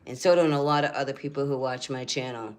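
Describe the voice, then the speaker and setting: A woman's voice: very deep voice, quick pace. Earnest, rambling older woman. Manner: earnest, rambling, repeats phrases. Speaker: spiritual channel host. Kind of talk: casual livestream talk.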